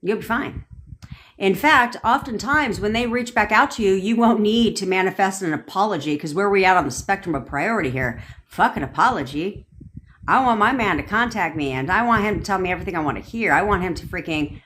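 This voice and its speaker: Ranting in reply to viewer comments on her phone livestream, a manifestation coach speaks bluntly and profanely, firing off rhetorical questions. Her medium-pitched voice is expressive, fairly quick, and fairly bright, with a little hiss or hum.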